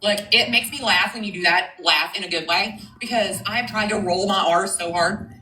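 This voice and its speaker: A woman's voice: medium pitch, moderate pace, bright, forceful tone, echoey room, slight background noise, poor audio. Frank, chatty woman hosting a live stream. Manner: chatty, frank, swears casually. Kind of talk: casual chat.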